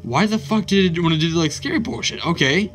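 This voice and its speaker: A man hosting a let's play of a horror game, excitable and swearing constantly, yelping at scares. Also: on the high side, a little fast, faint music behind. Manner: excitable, swears constantly, yelps when startled. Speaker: gaming channel host.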